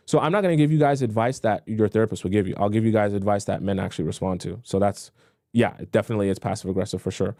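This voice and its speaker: Male dating coach, young adult, blunt, casual, repeats himself, mellow tone, dry close mic. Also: lowish voice, quick pace, no echo. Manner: blunt, repetitive, conversational, acts out pleading voices mockingly. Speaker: dating coach hosting a live stream. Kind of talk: live-stream advice talk, reading viewer questions.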